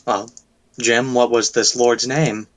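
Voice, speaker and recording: A man playing a tabletop game in character, with a middle-pitched everyday voice. He prods the others with questions and pieces things together aloud. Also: little pitch movement, takes it slowly, slight background noise. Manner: inquisitive, prodding with questions.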